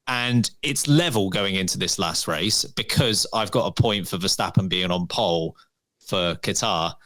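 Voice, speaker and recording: Male podcast host, fairly low voice, easygoing, keeps the banter moving. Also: a bit bright. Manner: joking, steers the segments. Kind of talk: casual chat.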